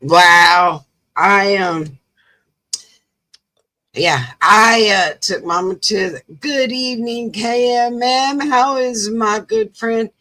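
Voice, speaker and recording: A woman co-hosting a casual chat show while sick, with a croaky voice and a folksy, rambling way of telling stories. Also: medium pitch, slow, bright, forceful tone. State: sick, under the weather. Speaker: co-host of a live chat show.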